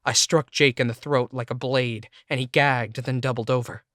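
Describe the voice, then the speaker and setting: A man's voice: medium pitch, steady tone, moderate pace, a bit bright, no room sound. A man reading a first-person audiobook in an intense, emotional way, close to the mic. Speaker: audiobook narrator. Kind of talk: scripted first-person narration.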